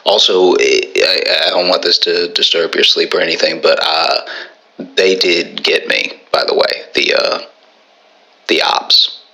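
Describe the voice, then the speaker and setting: A comedian putting on a very deep, gravelly voice as a man earnestly calling his friend to say goodnight, speaking slowly and softly. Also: full character voice, poor audio. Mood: uneasy. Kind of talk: stand-up bit voice.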